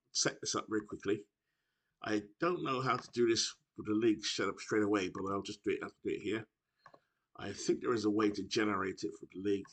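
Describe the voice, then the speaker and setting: A British man with a somewhat low voice talks casually to his audience. He rambles and keeps correcting himself mid-sentence. The sound comes through a laptop microphone. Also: a bit bright. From United Kingdom. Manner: rambling, self-correcting, chatty. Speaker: video game streamer. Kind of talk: casual chat to camera.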